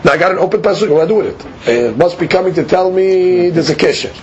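A man's voice: high voice, fast, lo-fi sound, a little hiss or hum. A man teaching a study class, explaining step by step and posing and answering his own questions.

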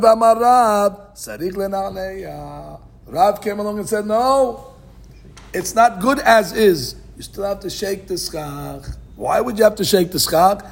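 A man whose high voice carries vocal fry leads a daily Talmud class, reading the Aramaic and explaining it in English. Animated, he asks questions and answers them himself, recorded as a podcast of a live class.

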